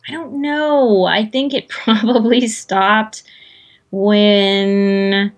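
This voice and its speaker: A woman's voice: mid-range voice, steady tone, drawn-out words, faint music behind. Rambling woman voice actor in interview. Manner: rambling, self-deprecating, many restarts and fillers. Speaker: voice actor guest. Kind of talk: casual interview chat.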